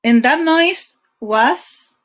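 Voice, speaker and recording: A woman who speaks English as a second language hosts a casual livestream chat in a high-pitched, fairly bright voice. She talks very slowly but animatedly, giggling often and filling her speech with fillers and restarted sentences.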